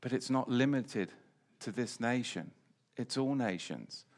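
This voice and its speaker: A man's voice: medium pitch, expressive, a little slow. Preacher, male, mid-range voice, emphatic Bible teaching with repeated phrases.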